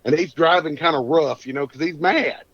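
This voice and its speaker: A man's voice: on the high side, moderate pace, a bit bright, dry recording. Folksy man telling a story. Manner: folksy drawl, rambling with restarts. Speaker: guest. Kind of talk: casual storytelling. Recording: dull dry lo-fi audio.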